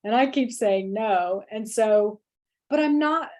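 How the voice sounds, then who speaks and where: A woman in her forties telling a candid personal story in an interview, animated and frank, now and then acting out the voices she quotes. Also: fairly high pitch, slow pace. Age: 40s. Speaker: feng shui teacher, interviewee.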